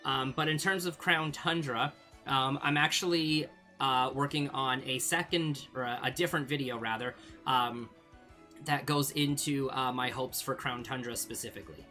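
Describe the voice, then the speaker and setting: A man's voice: medium pitch, moderate pace, pushed and bright, faint music behind. A young man from Canada answering viewer questions in a casual vlog, rambling with lots of fillers and small laughs. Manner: rambling, hesitant, many fillers, laughs easily.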